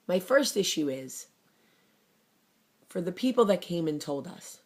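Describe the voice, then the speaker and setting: Low-voiced fiery woman. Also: a little slow. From New Jersey. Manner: fiery, blunt, animated storytelling. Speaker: vlogger. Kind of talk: casual talk to camera.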